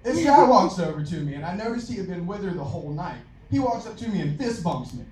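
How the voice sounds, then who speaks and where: A young man with a Southern accent does a crude, self-mocking stand-up set and laughs at his own jokes. His voice sits high and jumps around a lot. It was caught from the audience in an echoey club, far from the recorder. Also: sing-song, quick pace, a little mellow, a little hiss or hum. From Louisiana. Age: young adult. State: out of breath. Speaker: stand-up comedian. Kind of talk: open-mic stand-up set. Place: comedy club stage.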